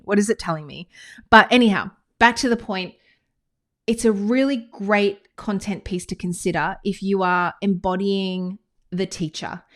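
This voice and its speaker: A woman with an Australian accent, a business coach giving a casual, chatty lesson to camera, full of quick asides and enthusiasm. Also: medium pitch. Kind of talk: casual teaching monologue to camera. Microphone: screen-recorded talking head with whiteboard.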